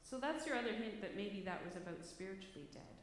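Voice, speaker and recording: A woman's voice: medium pitch, lively intonation, fast talker. A woman preacher giving a conversational, storytelling sermon, self-deprecating and chatty, in a church hall. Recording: echoey hall, faint background noise.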